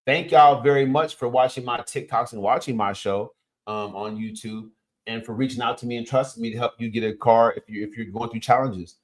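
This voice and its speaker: A man's voice: mid-range voice, a little fast. A man, a coach and host giving an emphatic, casual motivational talk. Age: 50s. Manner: energetic, emphatic, punchy interjections.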